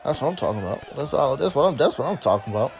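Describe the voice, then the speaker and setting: A man's voice: mid-range voice, big pitch swings, very fast, creaky. A young man commenting on his basketball video game, trash-talking teammates, swearing and repeating himself. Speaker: gaming streamer. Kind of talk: casual gameplay commentary.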